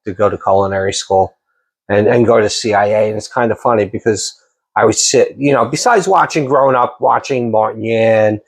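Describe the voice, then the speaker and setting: A man's voice: on the low side, moderate pace. A man, hosting a casual interview and telling long stories with many restarts. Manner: rambling, animated storyteller with many restarts. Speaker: podcast host and chef.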